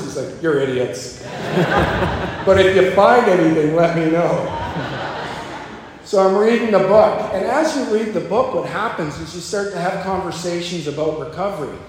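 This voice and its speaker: Man sharing in an echoey hall. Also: a little hiss or hum. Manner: storytelling, acts out quoted dialogue in a lower voice. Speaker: speaker sharing at a recovery meeting. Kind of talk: personal recovery talk. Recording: echoey hall, faint ambience.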